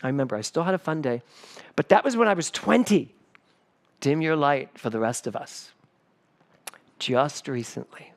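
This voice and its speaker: Animated man preaching a sermon. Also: mid-range voice, normal speed. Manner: animated storyteller. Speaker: spiritual director. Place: church service.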